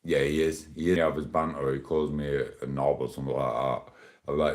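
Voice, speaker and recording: Very deep-voiced chatty man. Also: fast, darkish tone. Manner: rambling, chatty, laughs often. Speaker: livestreamer. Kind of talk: casual live stream chat.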